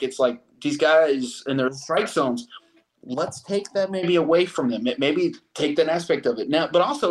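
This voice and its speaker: Male co-host, casual sports chat, loose and rambling, slightly raised pitch. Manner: rambling, many restarts and fillers.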